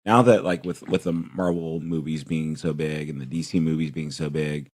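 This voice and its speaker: A man's voice: a bass voice, steady tone, normal speed, a little mellow. A man hosting a casual podcast, mostly giving short, agreeable replies. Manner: agreeable, brief backchannel replies. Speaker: podcast host.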